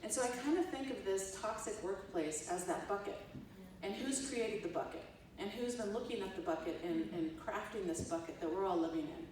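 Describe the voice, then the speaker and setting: A woman's voice: fairly low pitch, a little hiss or hum. A woman, giving a conversational keynote talk and acting out the quotes as she tells stories. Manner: animated storytelling, acts out quotes. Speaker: keynote speaker, professor. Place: large echoey hall. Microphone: distant room mic. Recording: echoey hall, distant mic.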